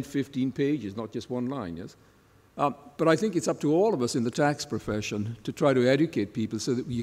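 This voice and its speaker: An older man, a tax expert on a panel, explaining at length in a measured way and often checking in with a quick "yes?" or "yeah?". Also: medium pitch, darkish tone. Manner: ends points with tag questions like "yes?". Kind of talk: panel discussion talk. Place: conference hall. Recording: long reverb in a large hall.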